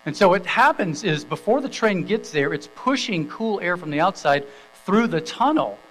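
A man's voice: sits high, expressive, normal speed, a bit bright, a little hiss or hum, rough recording. A middle-aged man preaching a sermon, telling a story in an easy, conversational way with small fillers, then reading scripture aloud. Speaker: pastor.

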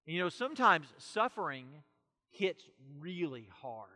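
A man preaching a sermon with great passion, moving between loud urgent passages and hushed quiet ones. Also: on the high side, very animated, a little slow. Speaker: pastor. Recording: long hall reverb.

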